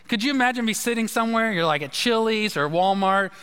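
High-voiced male preacher in an echoing hall. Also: lively intonation, quick pace, a bit bright, clear, resonant tone. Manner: conversational, storytelling with asides. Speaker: pastor. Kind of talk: sermon. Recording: long reverb of a large hall.

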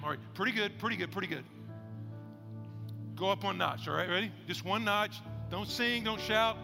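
A man's voice: sits high, normal speed, creaky, long reverb tail, music in the background. A male pastor preaching a sermon in a conversational, joking way, leading the congregation in spoken declarations.

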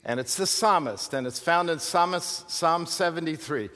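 A male pastor preaching an animated, emphatic sermon with rhetorical questions and humorous asides. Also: fairly high pitch, a little slow. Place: church sanctuary. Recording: long hall reverb from a church.

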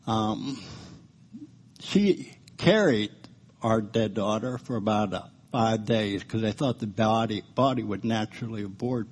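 A man with a husky, slightly rough voice tells his own story from the pulpit. He sits at a middle pitch and moves between animated storytelling and a quiet, subdued telling of hard memories. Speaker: preacher sharing his testimony. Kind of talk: personal testimony sermon.

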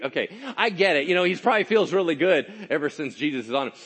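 A man preaches in a relaxed, conversational way, checking in with his listeners as he goes. His voice sits fairly high for a man and swings widely up and down. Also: fast talker, hardly any pauses, breathy edge. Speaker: pastor. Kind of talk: sermon.

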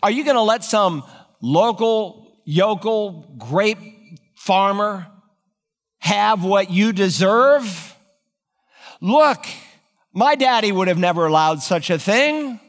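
A man's voice: high voice, lively intonation, slow pace, long pauses, in a large hall, pitched above the performer's own voice. A man voicing a scornful, scheming queen who taunts her husband mockingly. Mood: taunting.

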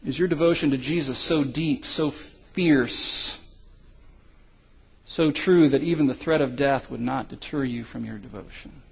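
A middle-aged male pastor telling a story in a sermon, swinging from loud cries to hushed lows. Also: unhurried, vocal fry, husky, low-quality recording.

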